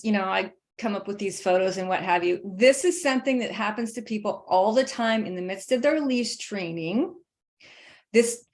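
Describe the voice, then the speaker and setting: Animated, emphatic woman dog trainer. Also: on the high side. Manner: animated, laughs often, punchy emphatic asides. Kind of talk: casual instructional chat.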